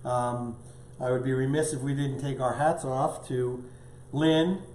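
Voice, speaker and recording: A man's voice: medium pitch, steady tone, a little slow, darkish tone, reverberant, slight background noise. A man hosting a live cooking show as the chef, upbeat and chatty, tasting and talking as he goes. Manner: upbeat, chatty, talks with mouth full at times. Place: home studio kitchen.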